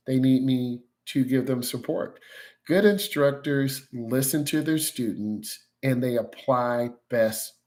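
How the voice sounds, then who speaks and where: A man's voice: mid-range voice, a little mellow. A man teaching driving to viewers in a casual, instructional way, repeating key points and checking in with "right?" and "okay?".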